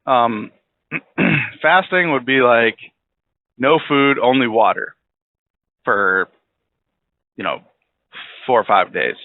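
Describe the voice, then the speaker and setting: A man's voice: mid-range voice, expressive, slow, gravelly, long pauses. Profane rambling man on a tinny line. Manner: rambling, profane, blunt opinions. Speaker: podcast host. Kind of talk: casual monologue. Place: driving in a car. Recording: tinny phone-like audio.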